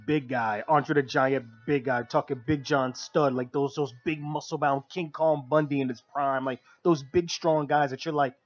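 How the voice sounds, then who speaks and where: A man's voice: medium pitch, steady tone, normal speed, hardly any pauses. A man co-hosting a radio talk show, giving long, opinionated explanations in casual chat. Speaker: co-host of a wrestling review show. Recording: lo-fi radio broadcast.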